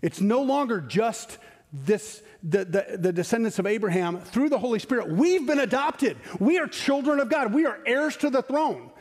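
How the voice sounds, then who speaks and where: A middle-aged man from West Michigan preaching a sermon as pastor, animated, firing rhetorical questions and dropping to quiet asides. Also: very high voice, normal speed. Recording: long reverb of a church hall.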